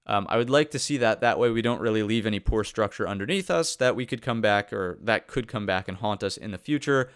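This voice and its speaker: A market analyst hosts a live pre-market trading stream, thinking aloud over charts with fillers and frequent check-ins of "right?". His lowish voice moves fairly quickly with hardly any pauses, in clean, echo-free studio sound.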